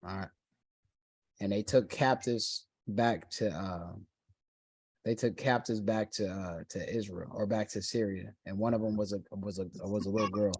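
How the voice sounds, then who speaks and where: A man's voice: fairly low pitch, fairly even intonation, normal speed, darkish tone, breathy edge, no room sound. A man teaching a Bible study, reading scripture aloud and then retelling it in casual everyday slang.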